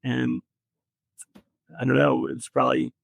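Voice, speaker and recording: A man's voice: medium pitch, expressive, vocal fry, dry recording. Earnest man telling his story, dry sound. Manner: earnest, reflective, many pauses and fillers. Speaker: podcast guest. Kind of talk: personal storytelling in conversation.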